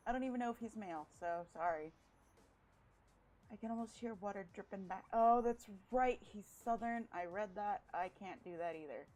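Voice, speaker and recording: A woman's voice: medium pitch, darkish tone, slight background noise, low-quality recording. A woman reading a visual novel aloud, dropping breezy, swearing jokes between the lines. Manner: breezy, swears casually in jokey side comments. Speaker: let's play gamer.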